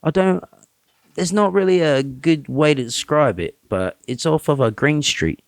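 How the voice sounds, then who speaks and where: A man faking a shaky, high British accent. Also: animated, a little slow, vocal fry, no echo, studio quality. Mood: bluffing. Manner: hesitant, making it up as he goes.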